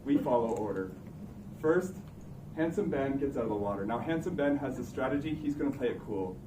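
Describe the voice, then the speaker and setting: A man's voice: medium pitch, expressive, brisk. A young man, telling a comic personal story on stage in a wry, suspense-building way. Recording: echoey room, distant mic, background noise. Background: room ambience noise.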